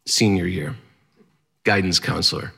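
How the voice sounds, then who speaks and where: Male storyteller with a lowish, bright, forceful voice, delivering a punchy first-person tale. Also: a little slow, vocal fry, husky. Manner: vivid present-tense narration with rhythmic, punchy phrasing.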